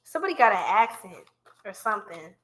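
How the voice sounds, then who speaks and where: Bright-voiced woman reading tarot live. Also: medium pitch, sing-song, fairly quick, a little hiss or hum. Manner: chatty and playful, laughs often, talks to viewers as y'all. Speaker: tarot reader.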